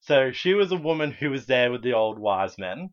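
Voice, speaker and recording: A man's voice: mid-range voice, big pitch swings, moderate pace. A man co-hosting a casual podcast, wryly steering the talk and retelling folk tales, on a dull lo-fi recording. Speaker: podcast co-host. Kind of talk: casual chat, storytelling.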